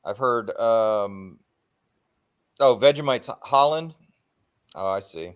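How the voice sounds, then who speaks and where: A man hosting a casual livestream, rambling through topics with plenty of filler pauses and free swearing. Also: lowish voice, animated, smooth. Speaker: livestream host.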